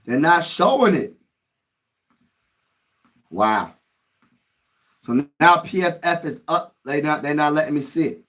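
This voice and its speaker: Livestream host, male, high-pitched voice, slangy and excitable; mutters low between loud outbursts. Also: measured pace, long pauses. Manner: slangy, talks straight to chat. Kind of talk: casual live-stream reaction commentary.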